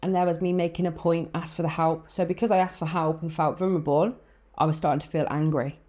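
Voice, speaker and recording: A woman co-hosting a casual chat podcast, with a lowish, mellow voice. She tells stories animatedly, acting out what people said, and laughs often. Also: fast. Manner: animated storyteller, acts out quotes, laughs often. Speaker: podcast co-host.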